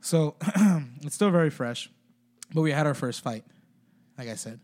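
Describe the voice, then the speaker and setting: A man's voice: on the high side, moderate pace, darkish tone. A man in casual podcast chat, rambling with lots of filler words and swearing.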